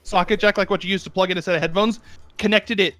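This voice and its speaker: High-voiced man running a tabletop game. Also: steady tone, fast talker, fairly bright tone, dry recording, soft background music. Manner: casual, laughs often, chatty asides. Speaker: game master.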